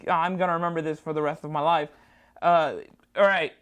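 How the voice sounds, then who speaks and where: This studio guest, a woman comedian with a deep voice, talks a little fast with fairly even intonation. Her animated anecdote is jumpy, with big swings as she voices both sides of the dialogue.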